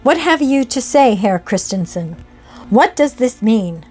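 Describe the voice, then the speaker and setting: A woman playing a sharp, agitated lawyer. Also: a little high, sing-song, a little slow, breathy edge, faint music behind, pitched above the performer's own voice, heavily acted. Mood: tense. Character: angry, excitable male lawyer.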